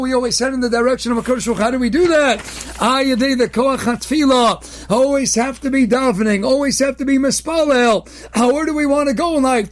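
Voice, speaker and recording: A man with Orthodox Jewish English speech giving a short inspirational talk, animated, with sudden emphatic near-shouts and many filler sounds. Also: very high voice. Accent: Orthodox Jewish English with Hebrew and Yiddish terms. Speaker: rabbi giving daily inspiration.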